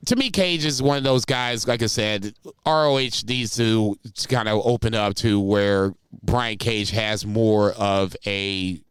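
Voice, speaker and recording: A man co-hosting a casual podcast who rambles, restarts his sentences and swears casually. His voice is smooth and resonant, with a dry close-mic sound. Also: on the low side, measured pace, no room sound. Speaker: podcast co-host. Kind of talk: casual wrestling podcast chat.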